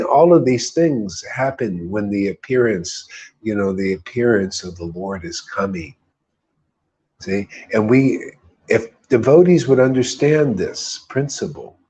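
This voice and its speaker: A man's voice: on the low side, darkish tone, slightly rough. A man leading a devotional group, giving an informal spiritual talk full of emphatic repetition and rhetorical questions.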